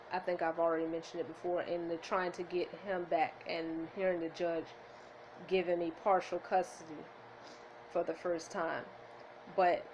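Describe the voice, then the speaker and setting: A woman's voice: lowish voice, slight background noise, poor audio. A woman vlogging to her viewers with the camera in her hand, earnest and heartfelt, close to tears with happiness. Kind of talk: emotional motivational vlog. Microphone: handheld camera.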